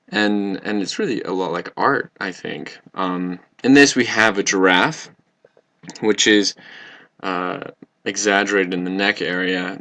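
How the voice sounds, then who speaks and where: Low gravelly young man presenting. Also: fairly bright tone. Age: young adult. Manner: earnest, explanatory. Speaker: communications student presenter. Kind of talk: recorded class presentation.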